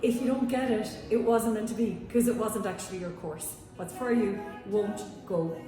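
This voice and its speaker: A woman's voice: medium pitch, moderate pace. Reassuring Irish woman in an echoing hall. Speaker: adult giving advice to students. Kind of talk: advice. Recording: echoey hall, music behind.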